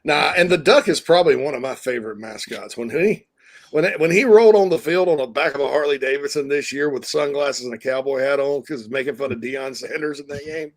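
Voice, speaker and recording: A man's voice: medium pitch, a little fast. A man talking college football as a guest on a sports talk show, rambling and restarting as he goes, on a video call. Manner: rambling, with frequent restarts and asides. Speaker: guest commentator. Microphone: desktop mic on a video call.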